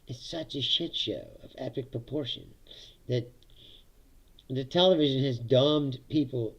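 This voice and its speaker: Hosting a casual solo livestream on his streaming setup mic, a man is sardonic and profane, often laughing at his own jokes. He speaks a little slowly in a husky mid-range voice, and the sound is lo-fi.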